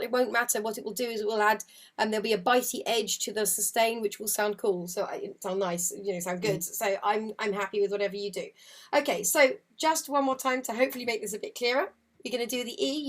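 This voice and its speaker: A woman teaching a harp lesson on a video call, chatty and encouraging, singing counts and rhythms as she explains. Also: a little high. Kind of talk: live online music lesson. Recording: loud harp music under voice. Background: harp playing.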